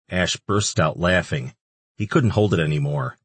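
Deep husky male narrator. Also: expressive, moderate pace, no echo. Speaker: audiobook narrator. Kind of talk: scripted narration.

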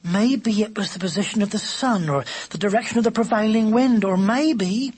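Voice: normal speed, darkish tone, lightly acted. A narrator voicing a fretful pigeon hen. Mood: worried. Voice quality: high, breathy and lilting. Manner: urgent and worried. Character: female rustic homing pigeon, anxious and earnest.

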